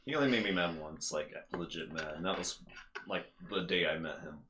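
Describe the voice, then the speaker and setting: A man's voice: low voice, brisk. A man, a guest on a podcast, telling a story in casual chat. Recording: roomy with crowd noise.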